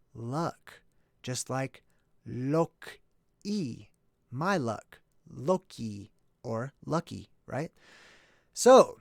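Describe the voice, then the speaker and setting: Chatty man thinking aloud, higher voice. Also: dry recording, clean studio sound. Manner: thinks aloud, checks in with "right?"; rambling, self-correcting. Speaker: channel host. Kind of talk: casual livestream explainer.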